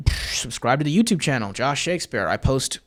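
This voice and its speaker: This is a young male podcaster on a livestream, his mid-range voice expressive and brisk. The chat with viewers is loose and meandering, full of filler words, digressions and self-promotion for his channels.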